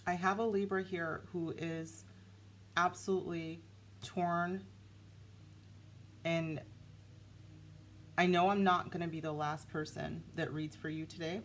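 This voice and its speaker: A woman giving a casual, animated tarot reading, talking straight to her viewers. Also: fairly low pitch, measured pace, pauses often, slight background noise. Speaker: tarot reader.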